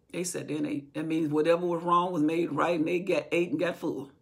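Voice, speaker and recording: Raspy, gravelly woman retelling Bible stories. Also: deep voice, flat delivery, brisk, few pauses. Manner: retells from memory, acting out quoted speech. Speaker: Bible teacher. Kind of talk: informal Bible storytelling.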